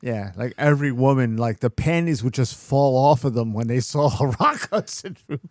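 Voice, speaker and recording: Man, Philadelphia accent, casual podcast chat, joking, laughs a lot, mid pitch, dry studio sound. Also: expressive, moderate pace, dry recording. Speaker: podcast co-host.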